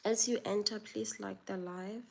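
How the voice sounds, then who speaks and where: Slow-talking South African woman host. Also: mid-range voice, steady tone, vocal fry, slight background noise. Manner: unhurried, reads viewer questions aloud and answers them. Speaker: livestream host. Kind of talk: casual live chat answering viewer comments.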